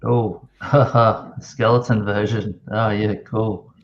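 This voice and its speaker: A man's voice: lowish voice, flat delivery, takes it slowly, muffled recording. A man joining a live watch chat over a video call, easygoing and rambling with lots of restarts.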